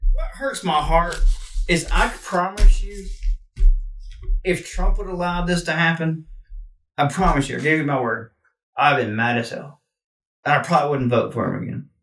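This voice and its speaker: A man's voice: fairly high pitch, fairly bright tone, distant mic. A man ranting in a political commentary monologue, indignant and profane, hammering his points emphatically. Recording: echoey room, away from mic.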